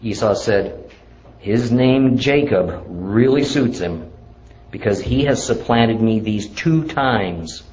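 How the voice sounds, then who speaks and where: A man teaching a Bible lesson, reading the scripture verse by verse in a measured, deliberate way before explaining it. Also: lowish voice, expressive, a little mellow, rough recording.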